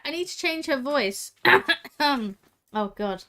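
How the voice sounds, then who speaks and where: A woman's voice: high voice, expressive, slow pace, sharp tone. A woman streaming a game, chatting casually and playfully with frequent giggles. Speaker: VTuber streamer. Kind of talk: casual gameplay commentary.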